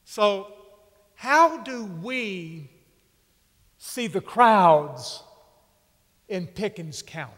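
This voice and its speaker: A man preaching a sermon with slow, emphatic delivery and dramatic pauses. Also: high voice, animated, a bit bright. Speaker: pastor. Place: church sanctuary. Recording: long reverb of a church hall.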